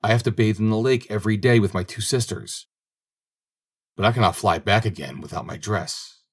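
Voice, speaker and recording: A man's voice: fairly low pitch, moderate pace, slightly rough. A man voicing an enchanted young princess who pleads formally for help, in a fairy-tale audiobook, close to his own voice. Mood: pleading. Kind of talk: audiobook character reading.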